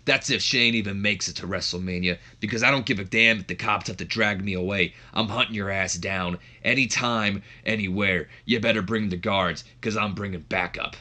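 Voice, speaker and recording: A man's voice: lowish voice, moderate pace, hardly any pauses, pushed and bright. A man doing a cold, menacing wrestler. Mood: threatening. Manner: menacing, curt. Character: stern, threatening male wrestler, cold and blunt.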